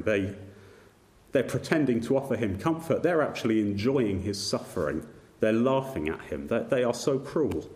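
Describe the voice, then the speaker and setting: A man's voice: fairly low pitch, a little mellow. A man preaching a sermon, earnest, with frequent restarts and repeated words. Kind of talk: sermon on a psalm.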